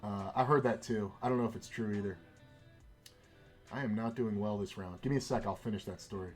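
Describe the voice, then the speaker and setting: A man's voice: fairly low pitch, a little fast, soft background music. A man streaming a game and chatting casually, telling a rambling, profane story between side comments on play. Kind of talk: casual storytelling while gaming.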